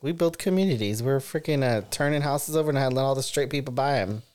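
A man's voice: medium pitch, fast, darkish tone. A man co-hosting a podcast, giggly and playful in casual chat. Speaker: podcast co-host.

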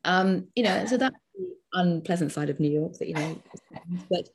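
Low husky woman in her fifties. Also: moderate pace. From Britain. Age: 50s. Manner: animated, frequent ums, talks in short listed phrases. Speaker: guest. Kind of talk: conversational interview.

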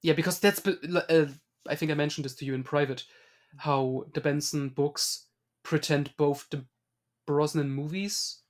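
A man's voice: a little high, steady tone, normal speed. A man co-hosting a podcast, chatty, with hesitant restarts in a casual film discussion. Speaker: podcast co-host.

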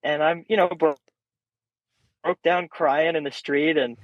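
A young man guesting on a podcast, telling stories in a casual, animated way and swearing freely. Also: fairly high pitch, unhurried, no echo. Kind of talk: casual storytelling chat. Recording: dull, slightly muffled sound.

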